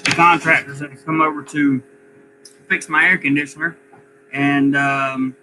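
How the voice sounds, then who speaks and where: A man's voice: a little high, flat delivery, a little slow, pushed and bright, slight background noise, poor audio. A man casually reading viewer comments aloud and answering them on a live stream from his rental home. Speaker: vlogger reading live chat. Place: rental home with contractors working.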